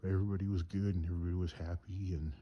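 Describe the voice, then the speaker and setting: A man's voice: low voice, flat delivery, very fast, muffled recording, slight background noise. A man telling stories in a rambling, chuckling way, cold and shivering outdoors at night. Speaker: storyteller and craftsman. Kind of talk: casual storytelling. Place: outdoors at night on a mountain trip.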